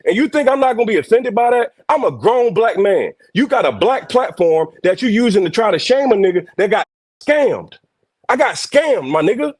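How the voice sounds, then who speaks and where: A man's voice: high-pitched, very animated, normal speed, darkish tone, husky, no echo, studio quality. An angry man arguing over a video call as a guest on a live stream, confrontational and profane. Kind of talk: heated argument.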